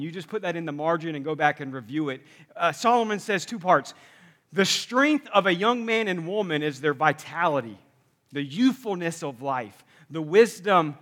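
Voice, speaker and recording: A man preaching a sermon to a congregation, energetic and conversational, with humorous asides. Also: a little high, in a large hall. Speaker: pastor. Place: church sanctuary.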